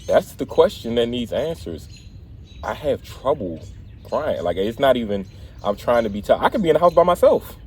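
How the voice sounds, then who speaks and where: A man hosting a casual sit-down conversation, telling stories in a lively, self-mocking way. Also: mid-range voice, moderate pace, a little hiss or hum. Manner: animated storyteller, laughs at himself. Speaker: host.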